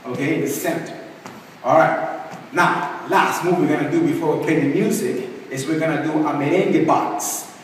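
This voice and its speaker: A man's voice: on the high side, normal speed, a little hiss or hum. Upbeat male dance teacher in echoey hall. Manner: counts steps aloud while demonstrating; upbeat, checks in with "okay?" and "all right?". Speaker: dance instructor. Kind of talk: dance lesson to camera. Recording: echoey hall, far from the mic.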